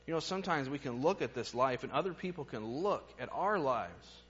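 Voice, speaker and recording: A man preaching a sermon in an earnest way. His voice goes from emphatic lines to hushed, quiet ones. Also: medium pitch, animated, fairly quick, slightly rough, dull audio.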